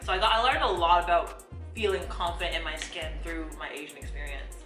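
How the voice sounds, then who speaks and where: A young woman from Ghana living in Canada, casually telling animated travel stories with swearing, and acting out other people's lines. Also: on the low side, fairly quick, roomy sound, soft background music. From Ghana-born, living in Canada. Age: young adult. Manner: animated storytelling, swears, acts out voices with laughs. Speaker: travel storyteller. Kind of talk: casual chat.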